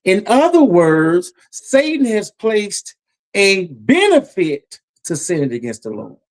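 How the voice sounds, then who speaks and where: Guy preaching hard, fairly high voice, keeps repeating himself, rising when he warns folks. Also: huge pitch swings, slow. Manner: emphatic, repetitive, voice climbing when warning of judgment. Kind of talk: Bible teaching sermon.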